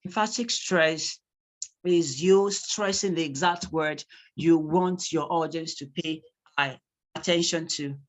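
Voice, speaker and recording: A public speaking teacher giving an online class over a video call, acting out examples with lively emphasis. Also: medium pitch. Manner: animated, acts out examples.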